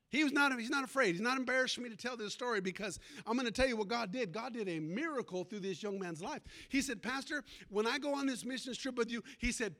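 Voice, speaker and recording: High, bright-voiced preaching man. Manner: preaching with shouts and call-outs to the congregation. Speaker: pastor. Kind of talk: sermon. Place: church.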